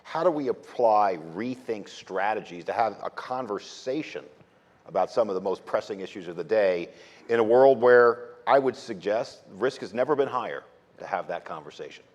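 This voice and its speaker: Low-voiced moderator in a hall. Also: male voice, animated, normal speed, a little mellow. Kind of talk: stage interview questions. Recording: dull audio with long hall reverb.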